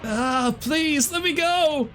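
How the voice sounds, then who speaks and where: A man voicing a terrified young man who pleads for help in a shrill, frantic voice while playing a game. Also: slow pace, fairly bright tone, soft background music, exaggerated voice. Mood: pleading.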